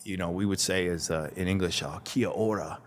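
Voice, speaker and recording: A man's voice: low-pitched, fairly even intonation, fairly quick, long reverb tail. A man who is a guest on a talk show, chatting casually, rambling and restarting his sentences. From Canada. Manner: rambling, restarts sentences, mimics accents when quoting people. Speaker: podcast guest, artist. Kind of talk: casual chat.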